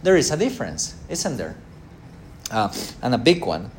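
Leading a church Bible class, this man speaks in a very animated mid-range voice, though haltingly and with plenty of fillers. He acts out everyday quotes and quizzes his class, and there's slight noise in the background.

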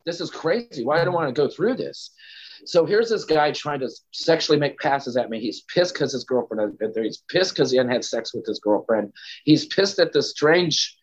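A man's voice: fairly high pitch, lively intonation, normal speed, husky, lo-fi sound. A man telling a candid personal story as an interview guest, rambling with lots of "you know" and "like".

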